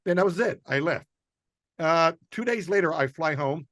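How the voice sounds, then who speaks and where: A man's voice: on the high side, moderate pace, dry recording, studio quality. A man from New York, a guest comedian, telling a story in casual chat and acting out the quotes. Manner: animated storyteller, acts out quotes, laughs mid-story.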